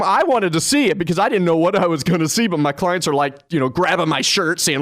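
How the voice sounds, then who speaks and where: A man hosting a radio talk show, telling lively anecdotes and chuckling along the way on a studio microphone. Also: fairly high pitch, quick pace, few pauses, dry recording. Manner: animated anecdotal storyteller, chuckling as he goes.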